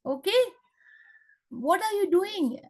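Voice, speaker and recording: Storybook role: woman voicing a big rude male monkey, loud and mocking, pitched high. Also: animated, slow, exaggerated voice. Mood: scolding.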